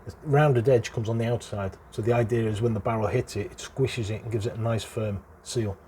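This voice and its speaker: Speaking briskly in a mellow, lowish voice with a steady tone, a middle-aged British airgun enthusiast presents a relaxed repair demonstration. He's talkative and explanatory, chuckling between points, and a faint hiss or hum sits under the audio.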